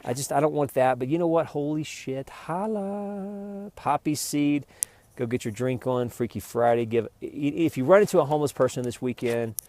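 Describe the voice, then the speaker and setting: A man's voice: medium pitch, darkish tone. A man hosting his own vlog, talking in a rambling, jokey, meandering way. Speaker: vlogger.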